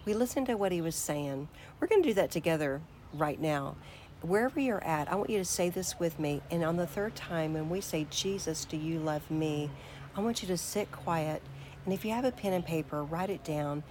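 Woman giving a soft-spoken devotional talk. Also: on the low side, expressive, fairly quick, slight background noise. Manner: conversational, reflective, drops to hushed tones in prayer. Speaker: devotional speaker. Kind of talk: informal devotional talk with guided prayer.

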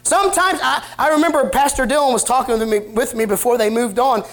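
A man's voice: very high-pitched, fast, a bit bright. A man preaching a sermon in a church service, talking to his congregation. He tells it in a plain, folksy, down-to-earth storytelling way. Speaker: pastor.

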